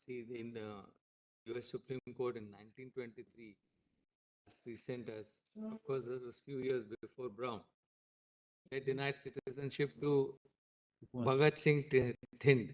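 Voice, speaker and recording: A man's voice: medium pitch, steady tone, a little slow, pauses often. A man with an Indian accent speaking as a judge. He makes a conversational remark from the bench. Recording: dull, distant courtroom mic.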